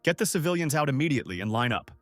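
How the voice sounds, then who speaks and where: A man's voice: fairly high pitch, big pitch swings, racing, dry recording, soft background music, pitched above the performer's own voice. A man voicing a squad commander who barks orders in battle. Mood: commanding. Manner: barking orders. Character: barking adult male squad commander.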